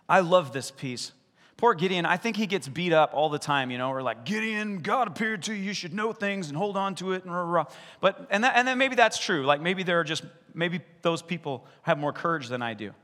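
A man preaching a sermon as pastor, animated, acting out the voices in the stories he retells. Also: a little high. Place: church sanctuary. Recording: long reverb of a large hall.

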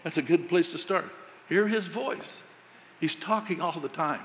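A man preaching a sermon, telling a folksy story about coaching and quoting himself with animated emphasis. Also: on the high side, a little slow, big-room sound, a little hiss or hum.

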